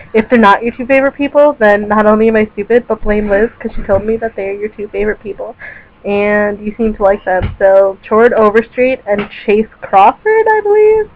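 A teenage girl rambling casually in a birthday video message, full of "like" and "um", giggly and chatty. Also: medium pitch. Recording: dull lo-fi webcam audio.

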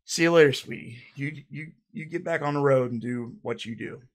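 A man hosting a comedic mock interview, talking low and deadpan with hesitant restarts. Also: fairly quick. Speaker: parody interviewer.

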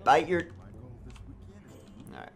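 A young man giving crude, excitable comedy commentary over a game, swinging from low mutters to high squeals. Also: takes it slowly. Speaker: gameplay streamer. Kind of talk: comedic let's play commentary.

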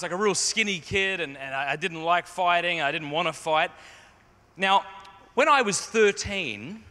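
Animated man telling a story. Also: a little high. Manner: humorous, self-deprecating storyteller. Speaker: conference speaker. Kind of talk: storytelling talk to a youth audience. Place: large conference hall. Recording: long hall reverb.

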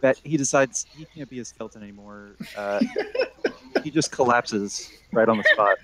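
A man running a tabletop game as game master, narrating the action in a relaxed, chuckling way. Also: mid-range voice, moderate pace, rough recording.

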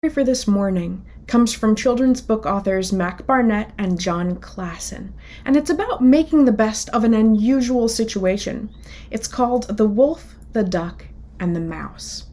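A woman minister leads a worship service in an unhurried, measured voice. She speaks slowly and calmly, pausing between phrases. Her pitch sits in an ordinary middle range. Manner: slow, calm and measured. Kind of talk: sermon.

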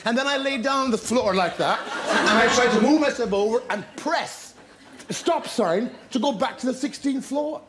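A man, a talk show guest, telling lively anecdotes with laughter and acted-out scenes. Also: very high voice, normal speed, very noisy. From Ireland. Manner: storytelling with laughter, acting out scenes.

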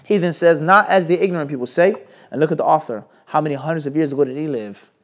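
A quick, high-sounding male voice leads an Islamic class, lecturing and peppering students with questions. He keeps demanding "what?" in call-and-response fashion, adding scolding asides.

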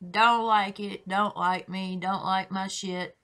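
A woman's voice: medium pitch, fairly even intonation, takes it slowly, fairly bright tone. A woman hosting a reaction video. She speaks candidly to her viewers, swears freely and apologizes often. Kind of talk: casual reaction chat.

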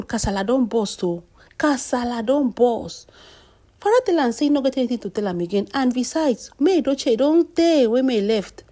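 A Nigerian-accented woman runs a celebrity gossip vlog, her voice slightly high, mellow and husky. She talks in exclamatory bursts and keeps turning to her viewers. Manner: exclamatory, addresses viewers as "my people". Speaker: gossip vlogger.

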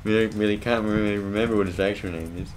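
A man casually commenting on gameplay in a relaxed, joking way. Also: lowish voice, quick pace, soft background music. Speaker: game co-developer commenting.

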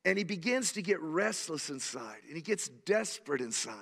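A man in his sixties, a pastor, preaching a sermon and telling stories in an animated, emphatic way. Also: a little high, moderate pace, creaky. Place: church sanctuary. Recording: long church hall reverb.

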